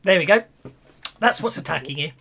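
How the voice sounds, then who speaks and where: A game master narrating an online tabletop session in a middle-pitched voice. The delivery is hesitant and full of restarts, often breaking into chuckles between rulings. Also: lively intonation, fairly quick, gravelly, sharp tone.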